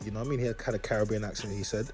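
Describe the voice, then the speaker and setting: A man from Africa hosts a casual talk show in an easygoing, conversational way. He reads posts aloud and drops quick asides, with faint music running underneath. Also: lowish voice, steady tone. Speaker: host.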